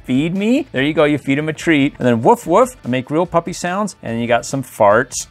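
A man's voice: on the high side, lively intonation, normal speed, soft background music. Playful man hosting a toy review. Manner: playful, jokey, chuckling often.

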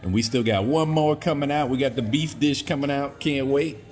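A man's voice: mid-range voice, moderate pace, a little mellow. A man filming a casual restaurant vlog, joking and teasing his dinner partner. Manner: teasing, playful banter. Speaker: food vlogger. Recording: echoey room with music.

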